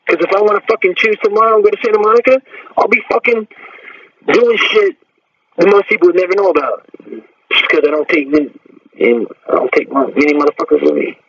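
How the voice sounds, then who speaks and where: A man's voice: high-pitched, fairly quick, a bit bright, slightly rough. A man talking in a casual chat, boastful and profane, rambling with many fillers. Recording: distant, dull lo-fi mic with faint noise.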